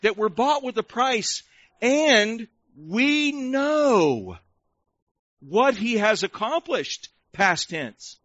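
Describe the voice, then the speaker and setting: A man preaching a sermon, calling for amens and shouting praise, slowing down to stretch key words for emphasis. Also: sits high, no room sound, muffled recording. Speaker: pastor.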